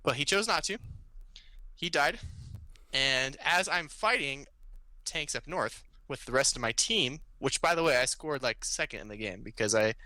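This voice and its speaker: A man's voice: mid-range voice, moderate pace, dry recording. A man, a regular on a podcast, casually telling a story and acting out the voices of the people in it. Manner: animated, acts out quoted voices.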